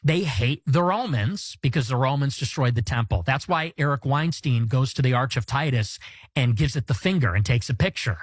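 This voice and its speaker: A man giving political commentary in a measured, lecturing way. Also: medium pitch, animated, no echo.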